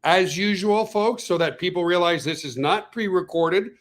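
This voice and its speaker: A man's voice: high voice, normal speed, a bit bright. A man from Canada hosting a live webinar, upbeat and chatty, greeting viewers by name. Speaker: webinar host. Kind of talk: casual live webinar chat.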